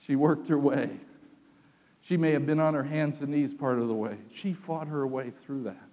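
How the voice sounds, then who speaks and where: A man preaching a sermon, telling the story dramatically and swinging from hushed lines to loud ones. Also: mid-range voice, a little slow, long reverb tail, dull audio.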